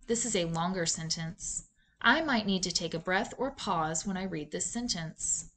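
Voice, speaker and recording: Measured woman reading teacher. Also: medium pitch, a bit bright. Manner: clear, measured teacher delivery with questions to students. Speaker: reading instructor. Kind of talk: scripted instructional narration.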